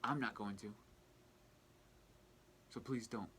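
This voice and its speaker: A young man talking earnestly in a personal vlog, halting and restarting as he fights back tears. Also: lowish voice, fairly bright tone, slight background noise. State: tearful, fighting back crying. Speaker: vlogger.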